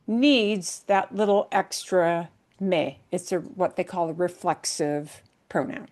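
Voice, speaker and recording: A woman's voice: medium pitch, takes it slowly, darkish tone. A woman Spanish teacher explaining grammar to her class patiently, step by step, with everyday examples.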